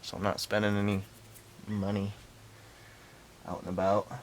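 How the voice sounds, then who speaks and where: There's a faint hiss or hum as a lowish-voiced man with little pitch movement talks to himself while restoring a vintage camper. This DIY vlogger stays unhurried in the hot interior, occasionally getting out of breath as he casually describes his work.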